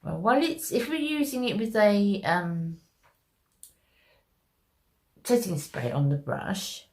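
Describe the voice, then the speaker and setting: A woman's voice: medium pitch, big pitch swings, slow, darkish tone. A woman talking viewers through a makeup tutorial in a chatty, step-by-step way. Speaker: makeup vlogger.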